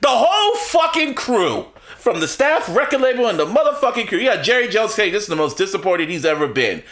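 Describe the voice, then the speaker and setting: A man co-hosting a podcast, telling sports stories in casual chat, laughing often and getting excited. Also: high voice, brisk. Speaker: podcast co-host.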